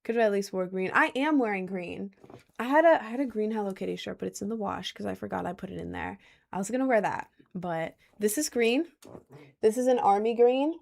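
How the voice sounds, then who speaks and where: A woman's voice: mid-range voice, a little fast, creaky, a little mellow. A young woman casually chatting on a livestream at home, answering chat in slangy, rambling talk. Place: indoors at home, seated in a chair.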